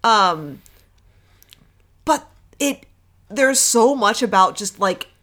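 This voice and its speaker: A woman co-hosting a podcast in loose, rambling conversation. She often restarts her sentences. Her pitch rises and falls a lot, sitting at a middle height. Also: expressive, slow, sharp tone. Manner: rambling, with many restarts and fillers. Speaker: podcast co-host. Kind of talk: casual chat.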